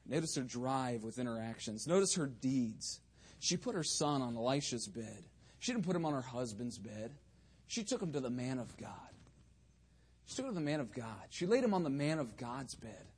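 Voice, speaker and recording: A man preaching a sermon with fervour, swinging between loud bursts and quieter asides. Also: mid-range voice, breathy edge.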